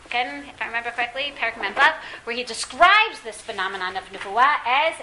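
A woman teaching a classroom Bible lesson, lively and questioning, often quizzing her students. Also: fairly high pitch, fast, hardly any pauses, roomy sound, slight background noise, rough recording.

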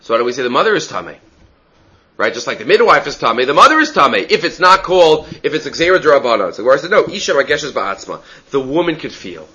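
A man's voice: mid-range voice, very animated, fast talker, sharp tone, husky, dull audio. A man giving a casual Talmud study lecture, reading Aramaic phrases and explaining them in English, often asking "right?". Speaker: Talmud teacher.

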